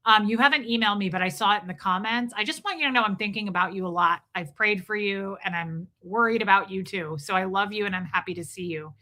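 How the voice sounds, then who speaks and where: A woman's voice: medium pitch, fast, few pauses, bright, forceful tone. A middle-aged woman hosting a casual livestream, chatting and telling rambling stories while answering comments. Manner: chatty, rambling storytelling, reads comments aloud. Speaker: livestream host. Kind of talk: casual live chat.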